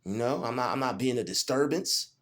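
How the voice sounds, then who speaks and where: A man's voice: medium pitch, lively intonation, a little fast, a bit bright. A man, filming a defiant, preachy rant in a small room, repeating his phrases over and over. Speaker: vlogger. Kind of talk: emotional self-filmed rant. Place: small rented room indoors.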